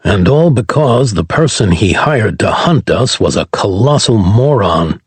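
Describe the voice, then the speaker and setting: A battle-weary soldier in an audiobook, growling low and gruff, as a male narrator puts him on. The lowered voice keeps a husky grain. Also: lively intonation, a little slow, dry recording, full character voice. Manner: low, grunting delivery.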